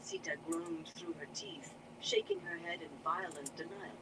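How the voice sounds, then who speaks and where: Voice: medium pitch, wildly swooping pitch, normal speed. A hobby audiobook reader narrating a fantasy novel in a casual, unpolished way, breaking off now and then to chat. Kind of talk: casual audiobook reading with chatty asides. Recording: distant mic with traffic noise behind.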